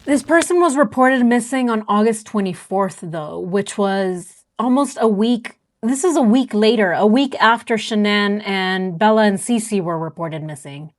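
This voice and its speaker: A woman's voice: medium pitch, lively intonation, a little slow, hardly any pauses. A woman hosting a true crime reaction show, talking through a clip and reading out search results with incredulous questions.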